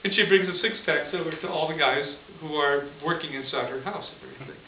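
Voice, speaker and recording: A man's voice: fairly high pitch, quick pace. A priest telling a story in a homily, chatty and chuckling as he goes. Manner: conversational, chuckles often. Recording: distant echoey lo-fi room recording with hiss.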